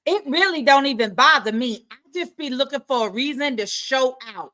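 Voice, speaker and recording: A woman's voice: high-pitched, lively intonation, moderate pace, pushed and bright. A woman joining a casual live chat as co-host, brash and joking, swearing freely.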